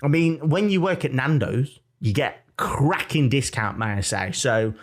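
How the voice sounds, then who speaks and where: A young man with a Birmingham accent, co-hosting a podcast in casual chat, animated and jokey as he tells stories. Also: medium pitch, measured pace. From Birmingham, England. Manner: animated, jokey storytelling with mock-defiant asides. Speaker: podcast co-host.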